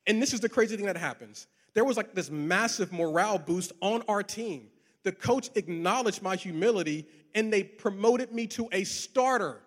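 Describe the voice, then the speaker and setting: Middle-aged pastor guy preaching, playful and animated, kinda high voice, big echoey church hall. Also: normal speed. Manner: animated, playful, talks to the crowd, repeats words. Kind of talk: sermon with personal stories. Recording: long hall reverb.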